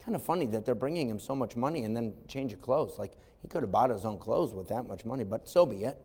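A man preaching a sermon as an animated storyteller who acts out voices and adds wry asides, recorded in a church sanctuary. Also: mid-range voice, quick pace, slightly rough. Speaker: pastor. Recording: long hall reverb.

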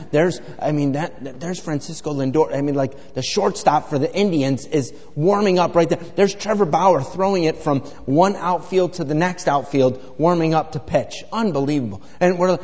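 A man's voice: on the high side, darkish tone. A middle-aged man preaching a sermon in a folksy, rambling storytelling way full of fillers. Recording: echoey hall with long reverb.

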